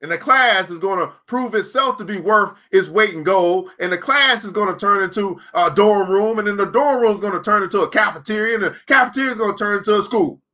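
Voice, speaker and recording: A man's voice: high voice, a little fast, hardly any pauses, bright, forceful tone. A man hosting a live online class, talking casually and preachily, reading out viewer comments. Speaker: host of a live crypto trading class stream. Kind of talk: casual live-stream talk.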